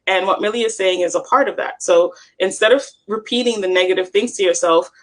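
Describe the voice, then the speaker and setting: A woman's voice: medium pitch, fairly quick. Earnest woman hosting a motivational chat. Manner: earnest, encouraging, explanatory. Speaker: host.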